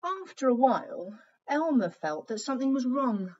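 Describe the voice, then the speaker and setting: A woman's voice: sits high, very animated, normal speed, a little mellow, highs cut off. A woman teacher reading a picture book aloud to young children, telling the story expressively and pointing out the pictures as she goes.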